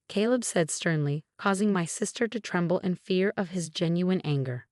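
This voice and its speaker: A young woman narrating a first-person story in a measured, even storytelling manner. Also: lowish voice, dry recording, studio quality.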